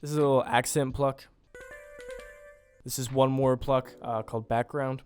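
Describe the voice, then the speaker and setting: A man's voice: medium pitch, little pitch movement, moderate pace, darkish tone. A young man hosting a music production tutorial, talking casually and loosely with plenty of fillers. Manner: laid-back, loose, with frequent fillers like "you know, like".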